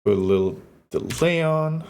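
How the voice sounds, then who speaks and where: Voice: medium pitch, animated, normal speed, darkish tone. A streamer chatting on a live stream while building a stage, swearing freely and making goofy sound effects.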